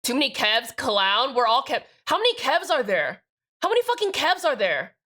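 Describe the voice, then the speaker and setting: Young woman streamer with a bright, somewhat high voice; irreverent, sassy, swears freely. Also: big pitch swings, normal speed. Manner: sassy, profane, joking with chat. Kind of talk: casual live-stream chat.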